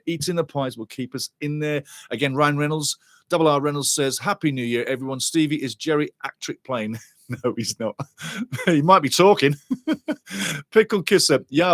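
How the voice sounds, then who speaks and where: An older man from Wales hosting a football watchalong stream, chatting casually, joking and reading out viewer comments, now and then breaking into excited shouting. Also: on the high side, no room sound, studio quality. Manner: excitable, jokey, bursts into shouting.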